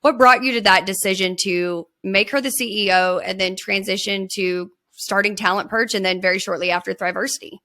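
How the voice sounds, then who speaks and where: A woman hosts a casual business podcast, chatty and enthusiastic. Her voice is bright and forceful. She swears easily as she cheers her guest on. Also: mid-range voice, fairly even intonation, fairly quick, hardly any pauses. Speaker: podcast host. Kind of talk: casual interview chat.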